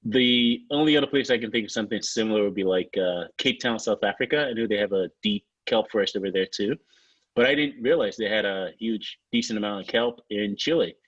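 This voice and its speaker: A man with a Nigerian accent hosting a casual podcast interview, relaxed and friendly as he asks questions. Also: on the low side, fairly quick, breathy edge, dry recording, muffled recording. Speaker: podcast host.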